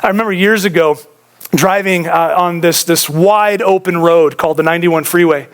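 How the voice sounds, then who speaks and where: A man's voice: fairly high pitch, moderate pace, smooth. A man preaching a sermon as pastor in a church, talking casually to the congregation and telling stories. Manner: conversational storytelling preacher, addresses audience as guys.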